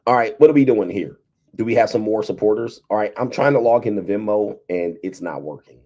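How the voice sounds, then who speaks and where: A man's voice: lowish voice, brisk, mellow. A man hosting a casual livestream, talking loosely to his viewers, laughing often and reading out chat messages. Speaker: livestream host.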